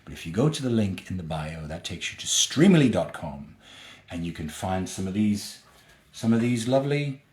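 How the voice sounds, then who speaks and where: A man's voice: sits low, sing-song, moderate pace, darkish tone. A man hosting a live fan Q&A and autograph signing, chatting casually and playfully as he reads out fan comments. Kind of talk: casual live-stream chat. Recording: roomy echo.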